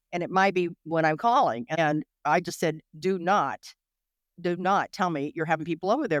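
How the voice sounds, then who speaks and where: Woman interview guest, mid-pitched, rapid and emotional, lots of restarts, dry close recording. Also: dry recording. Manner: rapid, emotional, full of restarts and "you know". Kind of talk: candid interview recollection.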